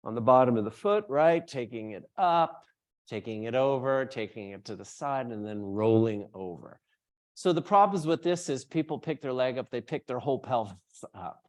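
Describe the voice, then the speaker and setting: A man who is a yoga teacher, explaining hamstring anatomy to a class and then slowly guiding them through a strap stretch. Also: medium pitch, a little mellow. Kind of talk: yoga workshop instruction.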